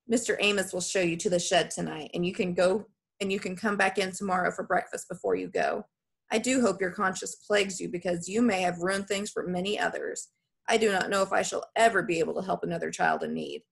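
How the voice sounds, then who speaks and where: A woman's voice: fairly low pitch, animated, a little fast, vocal fry, husky, exaggerated voice. A woman voicing a stern, pompous middle-aged foster mother who talks in a formal, scolding way, read as an audiobook character. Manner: formal, haughty, scolding speech.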